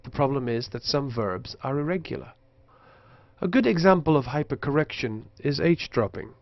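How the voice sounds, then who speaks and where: A man narrating a linguistics lesson in a measured, scripted way, slowing down to demonstrate pronunciations. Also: mid-range voice, animated, no echo, lo-fi sound. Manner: slow careful demonstrations of pronunciation. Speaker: lecturer.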